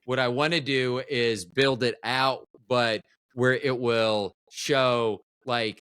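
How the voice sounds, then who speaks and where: Bright-voiced man in his fifties chatting. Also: medium pitch, fairly even intonation, slow pace, clean tone, no room sound. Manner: rambling, enthusiastic, full of restarts. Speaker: podcast guest, film producer and director. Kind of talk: casual podcast chat.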